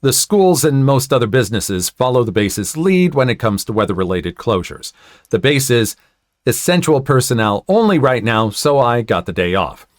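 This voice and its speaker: A man reading online stories aloud in an expressive way, adding sympathetic comments of his own. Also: mid-range voice, moderate pace, no echo, studio quality. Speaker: story narrator.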